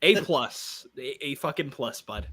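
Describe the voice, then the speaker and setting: A man's voice: medium pitch, expressive, measured pace, pushed and bright, a little hiss or hum. A man in a casual online chat, bantering with frequent swearing.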